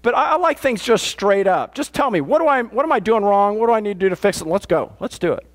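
A man's voice: sits high, expressive, fast. A pastor delivering a conversational sermon in a plain-spoken, matter-of-fact way, often restarting his sentences. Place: church.

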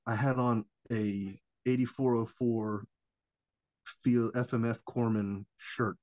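A man's voice: medium pitch, steady tone, slow, darkish tone, no room sound. A man in his thirties, a Marine veteran and former corpsman, telling a story as a podcast guest in a loose, profane way, acting out the people he quotes and laughing often. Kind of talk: casual storytelling. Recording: dull dry lo-fi sound.

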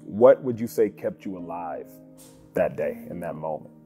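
A man in his thirties hosting an interview and asking measured, probing questions. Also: sits low, expressive, dark tone, soft background music. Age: 30s. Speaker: interview host.

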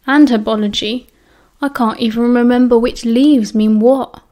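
A woman's voice: on the high side, steady tone, a little slow, dark tone, natural voice. A woman with a British accent voicing a stressed teenage schoolboy wizard who grumbles. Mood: grumbling.

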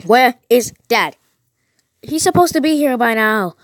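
Woman reading panicky teen girl, frightened, questioning, higher voice, dry close sound. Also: expressive, unhurried, dry recording. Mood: scared. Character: frightened teenage girl home alone. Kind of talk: reading a text-message horror story aloud.

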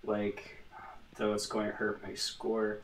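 A man's voice: fairly low pitch, completely flat delivery, slow, recorded from a distance, a little hiss or hum. A man hosting a gaming channel, giving casual let's-play commentary in a rambling, joking, self-mocking way, recorded in a roomy space with his voice away from the microphone. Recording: roomy echo, voice away from the mic.

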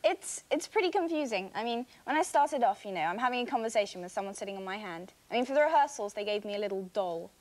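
A woman, an actress guest, answering questions in a friendly, relaxed way with occasional giggles. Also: mid-range voice, quick pace, few pauses. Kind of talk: casual interview answers.

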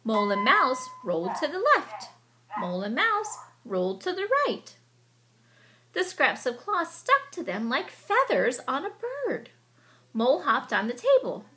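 A woman reading a children's picture book aloud with expressive storytelling, and she sometimes stops to explain the story. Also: high-pitched, measured pace.

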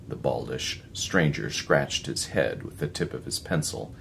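A man narrating an audiobook story in a measured, even way. His voice is extremely deep, with a gravelly edge that runs through every line. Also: slight background noise.

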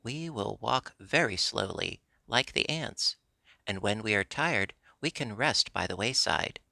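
A man's voice: fairly low pitch, animated, unhurried, gravelly, bright, forceful tone, no echo, heavily acted. A man voicing an earnest wooden puppet boy, eager and pleading, in a storybook reading. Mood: tender.

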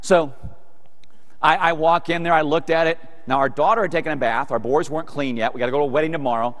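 An animated middle-aged man tells funny family stories from the stage and plays out each scene for the crowd. His voice sits somewhat high. A long hall reverb trails behind each line. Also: fast. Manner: animated, acts out family scenes, talks to the audience. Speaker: keynote speaker. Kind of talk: humorous storytelling keynote. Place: large hall with a live audience.

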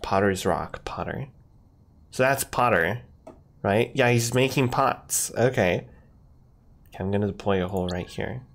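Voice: deep voice, unhurried, long pauses. A streamer chatting casually through a cute video game, giggling often and thanking viewers. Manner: giggly, chatty, reads chat aloud. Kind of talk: casual let's-play commentary.

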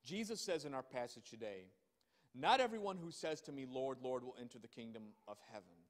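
A male pastor preaching a sermon, reading scripture slowly and emphatically and breaking off to comment with pointed rhetorical questions. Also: medium pitch, expressive. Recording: long hall reverb.

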